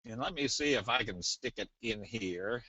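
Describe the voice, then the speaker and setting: A man presenting a casual trading webinar, talking in a folksy, rambling way and slipping into a sales pitch. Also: lively intonation, normal speed, background noise. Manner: folksy, rambling, tells jokes.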